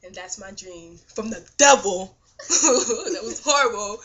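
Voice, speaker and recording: A young woman vlogger retelling a dream in casual, animated storytelling, laughing often and saying "like" a lot. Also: medium pitch, a little slow.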